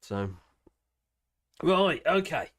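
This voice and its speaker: Giggly woman, lively pitch. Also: extremely slow, no echo. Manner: giggly, chatty, exclamatory. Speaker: live stream host. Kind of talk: casual live stream chat.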